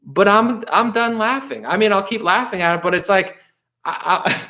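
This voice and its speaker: With a high-sitting voice and a sharp tone, a young male streamer loosely chats with his audience at a moderate pace. He rambles, laughs a lot, restarts sentences, does voices, and keeps saying "dude" and "bro."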